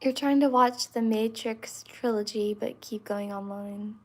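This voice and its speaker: A woman in her twenties hosting a livestream, chatting with viewers and answering them with many pauses and fillers. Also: a little high, fairly even intonation, darkish tone. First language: English. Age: 20s. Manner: hesitant, many fillers and restarts. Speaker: livestream host.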